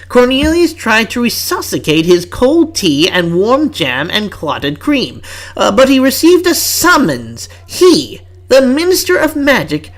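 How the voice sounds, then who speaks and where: A fan fiction reader reads a story aloud. The delivery is chatty, with asides. The pitch rises and falls in a lively way.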